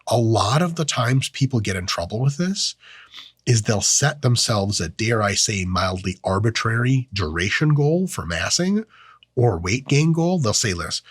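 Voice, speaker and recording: A man hosting a fitness channel delivers a casual educational monologue on training and diet, animated, joking, and profane. His voice is fairly low and husky at a moderate pace, recorded in studio quality with no room sound.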